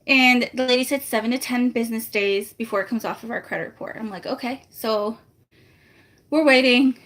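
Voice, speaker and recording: A woman with a fairly high voice tells a story to her live viewers in a loose, chatty way. She sounds exasperated and animated, and she slips into the voices of the people on the other end of the phone calls. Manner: acts out both sides of phone calls. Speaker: family vlogger.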